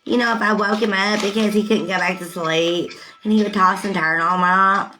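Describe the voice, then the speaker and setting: A woman's voice: medium pitch, fairly even intonation, moderate pace, sharp tone, a little hiss or hum, poor audio. Woman livestream host, very talkative, rambling, laughs a lot, music in the background. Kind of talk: casual livestream chat.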